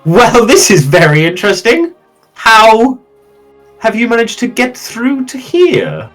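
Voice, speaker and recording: A man's voice: extremely high pitch, huge pitch swings, slow pace, a bit bright, soft background music, pitched above the performer's own voice, full character voice, low-quality recording. A game master voicing an old male wizard who speaks politely and formally, a little puzzled. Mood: curious. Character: old male mad wizard, curious and courteous.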